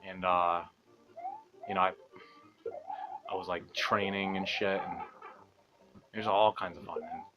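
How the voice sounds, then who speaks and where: Speaking softly since it's late at night, a young man hosting a gaming channel rambles through a long story over gameplay, swearing, self-mocking and laughing often. His low-pitched voice holds a steady tone at a measured pace with frequent pauses, and the recording is very noisy.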